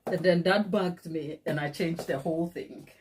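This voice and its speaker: A woman's voice: on the low side, fairly even intonation, normal speed, a little mellow, slight background noise. A woman giving a live cake decorating tutorial in a kitchen, chatting and laughing often at herself.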